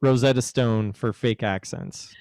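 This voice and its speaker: A man's voice: mid-range voice, a little slow, creaky, a little mellow, dry recording, studio quality. A man hosting a casual podcast chat, teasing and rambling as he talks. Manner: teasing, rambling, puts on a joke British accent. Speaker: podcast host.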